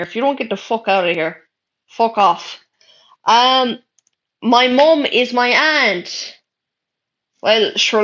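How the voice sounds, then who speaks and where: Pitched on the high side, this young Irish woman's voice sounds pushed and bright as she streams live. She reads viewers' chat aloud in a brash, sweary, casual way, over dull lo-fi stream audio.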